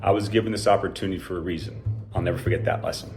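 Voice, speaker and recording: A man's voice: sits low, steady tone, rapid-fire, over loud music. A man in his sixties reading a scripted personal story in a dry, self-deprecating way. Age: 60s. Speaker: alumnus telling a personal story.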